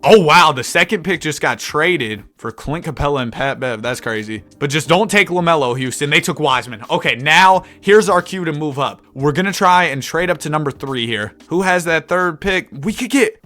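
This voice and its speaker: Young man, gaming commentary, bright tone, talks to himself, sudden shouts. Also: a little high. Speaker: gaming YouTuber. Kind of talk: casual gameplay commentary.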